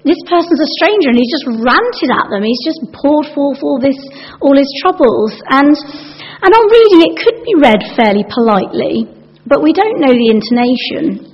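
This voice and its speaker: Woman preaching, chatty and storytelling, a bit high, long church echo, muffled sound. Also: sing-song, moderate pace. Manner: chatty and anecdotal, acts out quoted lines. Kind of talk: sermon. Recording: dull sound with long hall reverb.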